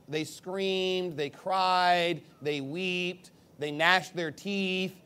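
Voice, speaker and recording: A man preaching a sermon in an emphatic, conversational way, acting out quick asides. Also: high-pitched, a bit bright. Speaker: pastor.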